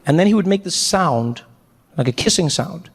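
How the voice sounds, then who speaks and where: A man performing stand-up comedy, telling a story with animated delivery. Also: a little high, normal speed, vocal fry, breathy edge, big-room sound. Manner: animated storytelling, jumping into voices.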